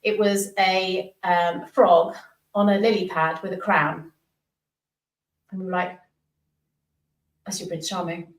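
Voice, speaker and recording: A woman, a podcast guest telling a long rambling story in an animated way over a video call. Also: lowish voice, slow pace, long pauses, far from the mic. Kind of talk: storytelling in casual chat. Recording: roomy, from off the mic.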